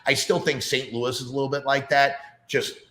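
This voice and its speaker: A man's voice: mid-range voice, flat delivery, moderate pace, a bit bright, slight background noise. A middle-aged man talking as a podcast guest in a casual, rambling way with lots of fillers. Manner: rambling, chatty, many fillers. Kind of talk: casual chat. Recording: roomy echo.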